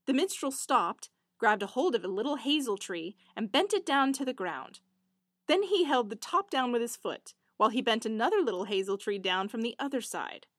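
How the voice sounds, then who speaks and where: A woman narrating a fairy tale in an expressive storybook style. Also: a little high, moderate pace, no room sound, studio quality.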